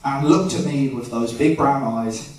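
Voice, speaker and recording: A man's voice: medium pitch, a little slow. A young man doing a stand-up set, telling a self-deprecating story and acting out the voices in it. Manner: animated storytelling, self-deprecating, acts out quotes. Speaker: stand-up comedian. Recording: echoey venue recorded from far off. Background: audience laughter.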